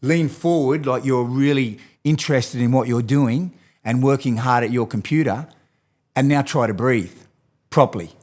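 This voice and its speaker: An Australian man talking as a podcast guest and movement expert, energetic and animated, coaching the host as he explains. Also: medium pitch, moderate pace. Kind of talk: enthusiastic podcast interview talk.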